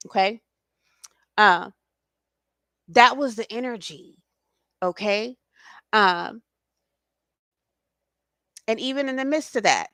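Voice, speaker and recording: In a fairly high, fairly bright voice, a woman who works as a spiritual reader hosts a casual talk full of slangy passion and free swearing. She speaks straight to her audience, repeatedly asking "okay?". The studio-quality recording has no room sound.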